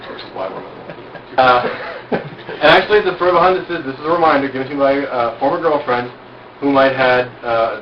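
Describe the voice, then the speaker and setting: At an outdoor cookout, a man gives casual instruction to a small group, frank, self-assured, and boastful, firing off rhetorical questions. His voice is medium-pitched with a little hiss or hum, in a roomy, distant, dull amateur recording.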